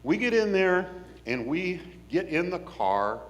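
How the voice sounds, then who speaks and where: Animated folksy storyteller, man. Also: high voice, measured pace. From Washington State, US. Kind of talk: personal storytelling.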